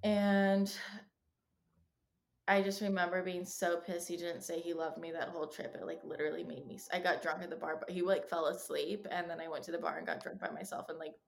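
Candid woman in her twenties, lower voice. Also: little pitch movement, fairly quick, gravelly. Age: 20s. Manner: candid storytelling, acts out quoted dialogue, swears freely. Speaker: podcast guest. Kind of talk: casual chat.

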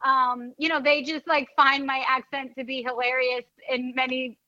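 Chatty bright-voiced Bronx woman. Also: high-pitched, level tone, normal speed, dry recording. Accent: New York (Bronx). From the Bronx, New York. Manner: chatty, lots of fillers like "like" and "you know". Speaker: NFL team reporter and podcast host. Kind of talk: casual interview chat. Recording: dull, dry, slightly lo-fi sound.

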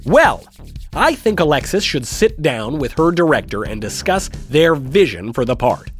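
A man voicing a smooth, powerful Hollywood producer in an audio story, casually commanding and breezy. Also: fairly high pitch, sing-song, normal speed, soft background music, voice pushed up.

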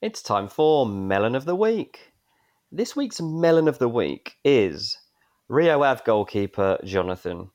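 Lively man telling a football blunder. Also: mid-range voice, measured pace, lo-fi sound. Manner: lively, building excitement in telling. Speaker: football podcast co-host. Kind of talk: animated storytelling of a match moment.

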